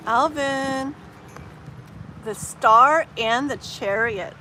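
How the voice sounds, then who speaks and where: Woman, 30s, live-stream tarot reader, chatty and rambling, slightly higher voice, faint background hiss. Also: a little slow, poor audio. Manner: chatty and animated, rambling with fillers. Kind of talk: live-stream chat with viewers.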